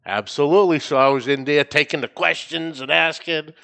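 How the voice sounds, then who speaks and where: A man's voice: on the high side, a little fast, creaky, a bit bright. A man from New England co-hosting a barbecue podcast, chatting casually and rambling with repeated words. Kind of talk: casual chat.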